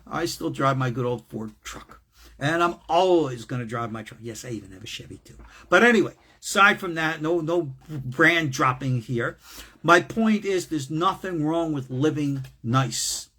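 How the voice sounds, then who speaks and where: A man's voice: a little high, a bit bright, breathy edge. A man, a rabbi, giving a recorded lesson in an emphatic, conversational way with casual asides. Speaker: rabbi teaching. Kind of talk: recorded lecture.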